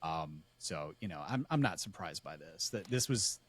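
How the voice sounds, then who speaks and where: A man co-hosting a gaming podcast, chatting casually in a rambling, relaxed way. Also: low voice, moderate pace, husky. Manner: rambling, self-correcting, relaxed. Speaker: podcast co-host. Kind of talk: casual chat.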